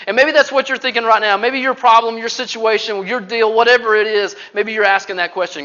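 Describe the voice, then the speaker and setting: Animated preacher man, bright voice. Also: high voice, brisk, few pauses, highs cut off. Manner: animated storytelling, swings from loud to hushed. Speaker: pastor. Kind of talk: sermon.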